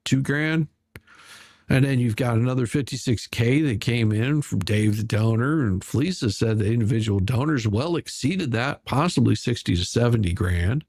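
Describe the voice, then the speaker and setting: A man's voice: mid-range voice, expressive, normal speed, a little mellow, dry recording, studio quality. A man hosting casual drama commentary, sarcastic and rambling, with many restarts. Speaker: commentary channel host.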